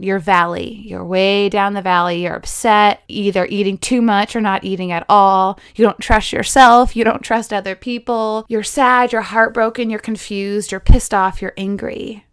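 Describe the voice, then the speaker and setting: A lively woman with a slightly high voice talks through a relaxed spoken lesson. She is chatty, laughs often and drops into playful voices to quote people. The recording is close and dry. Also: measured pace, hardly any pauses, smooth, dry recording. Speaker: yoga teacher and podcast host.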